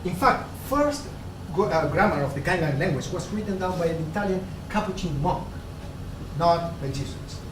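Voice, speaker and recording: A man's voice: on the high side, animated, normal speed, distant mic, lightly acted. A man playing a wry, lecturing river god. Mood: amused. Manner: amused, lecturing, gently teasing. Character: casual ancient river god, male, wry and knowing. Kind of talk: stage play reading. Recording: roomy stage, picked up from afar, noisy.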